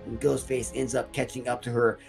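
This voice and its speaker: Man, gravelly voice, casual run-on storytelling, faint music behind. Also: mid-range voice, flat delivery, a little fast. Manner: breathless run-on, swears casually. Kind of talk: casual retelling of a horror movie.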